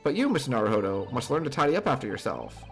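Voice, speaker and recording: A man's voice: medium pitch, very animated, fast talker, soft background music. A man doing a polite, composed young woman.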